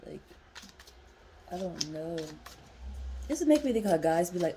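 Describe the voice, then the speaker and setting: A woman's voice: on the low side, animated, moderate pace, pauses often, mellow, slight background noise. A young woman reading tarot cards in a casual vlog, talking bluntly and swearing freely as she thinks aloud. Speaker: tarot reader.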